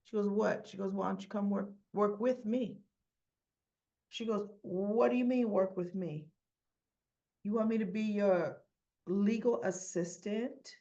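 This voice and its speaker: Woman with a rough gravelly voice retelling soap scenes, loose and chatty, lots of um and like. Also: medium pitch, mellow, dull audio. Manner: chatty retelling with quoted dialogue, fillers and self-corrections. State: rough-sounding voice. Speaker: soap opera recap vlogger. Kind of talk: casual episode recap.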